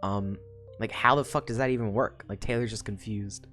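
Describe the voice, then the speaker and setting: A woman's voice: rumbling low, moderate pace, fairly bright tone, soft background music. A woman streamer chatting casually through a book recap, swearing freely and rambling with fillers.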